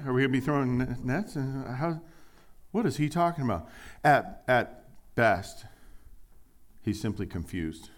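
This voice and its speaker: A man preaching a sermon as pastor, animated and jokey, acting out little dialogues in put-on voices. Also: medium pitch.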